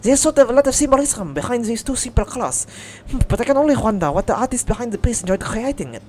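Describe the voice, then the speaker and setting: A warm young baker girl muses in a put-on New York accent, voiced by a man. Her voice sits high and swings lively up and down. She talks in a lofty, musing way, as if read from a visual novel. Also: fast talker, slight background noise.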